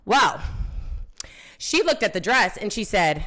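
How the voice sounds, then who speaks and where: Taking her time and pausing often, a young woman co-host retells a story on a podcast with lots of drama, performing the quoted lines in an animated way. Her pitch is medium.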